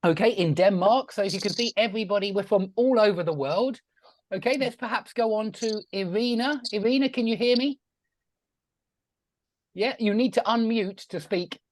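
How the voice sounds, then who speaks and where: A man's voice: sits high, moderate pace, dry recording, clean studio sound. Chatty male teacher on a video call. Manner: friendly, chatty, asks questions. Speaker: English teacher. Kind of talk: online group class.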